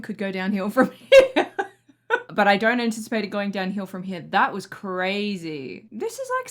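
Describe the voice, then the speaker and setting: A young woman hosting a music reaction video, excitable and gushing, often breaking into laughter. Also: a little high. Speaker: music reaction channel host. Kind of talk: casual reaction commentary.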